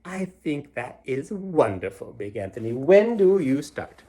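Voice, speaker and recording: A man voicing a calm, kindly old village witch in a picture book read aloud, speaking gently and soothingly. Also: fairly high pitch, unhurried, breathy edge, heavily acted.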